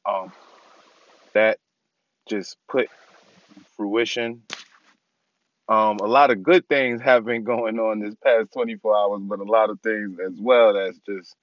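A man's voice: on the low side, steady tone, slow pace, pauses often, no room sound, dull audio. Laid-back man vlogging from his car. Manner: laid-back, rambling with many ums. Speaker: podcast host. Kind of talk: casual vlog update. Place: inside a parked car.

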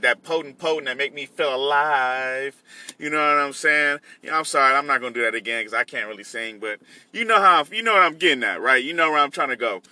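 A man's voice: fairly high pitch, sharp tone. A young man hosting his own podcast while out on delivery runs, talking in a loose, rambling way with many restarts. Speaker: podcast host and delivery driver. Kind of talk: casual rambling monologue.

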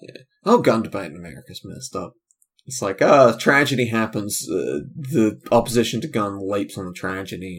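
A man's voice: on the low side, lively intonation, brisk, a bit bright, husky. Casually rambling man hosting a podcast. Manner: casual, loose and digressive, trailing off, many fillers. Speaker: comedian and podcast host. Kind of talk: rambling solo podcast chat.

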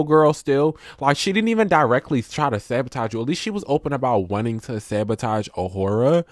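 A man's voice: mid-range voice, dry recording, studio quality. Chatty man hosting a solo podcast. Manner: chatty, rambling, lots of fillers; animated, emphatic rants. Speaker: podcast host. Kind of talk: casual solo podcast review.

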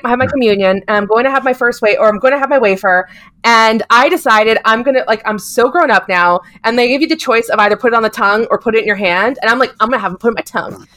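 Woman podcast co-host, animated storyteller, slightly high pitch. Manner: animated, laughing, many restarts. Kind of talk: casual storytelling chat. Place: remote recording, filmed on video call.

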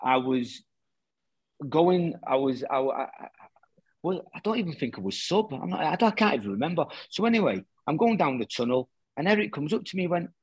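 A middle-aged man, a former footballer, chatting casually as a guest and telling lively anecdotes in which he acts out the quoted dialogue. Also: a little high, brisk, husky, no echo. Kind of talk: casual storytelling chat.

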